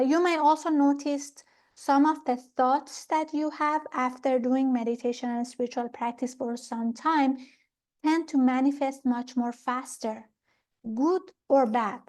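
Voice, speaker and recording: A woman with a fairly high voice teaches a meditation workshop. She explains things step by step and often stops to check in with her audience. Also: a little mellow. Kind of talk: spiritual teaching talk.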